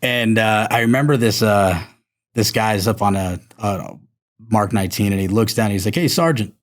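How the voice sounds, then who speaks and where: A man's voice: fairly low pitch, normal speed. Laid-back man spinning an army story. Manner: rambling, animated, lots of fillers. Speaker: podcast guest, army veteran. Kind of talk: casual storytelling.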